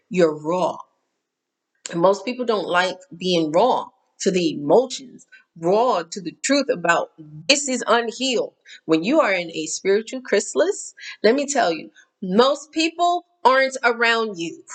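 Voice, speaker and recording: This casual spiritual talk is hosted by a middle-aged woman with a medium pitch, whose delivery is emphatic and candid, full of repetition and the odd swear word.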